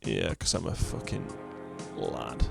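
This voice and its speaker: A man's voice: low-pitched, slow pace, vocal fry, faint music behind. A man, chatting casually and swearing as he plays through a game. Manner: relaxed, mumbly, swears, often laughs. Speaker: gaming host. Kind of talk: casual let's-play chat.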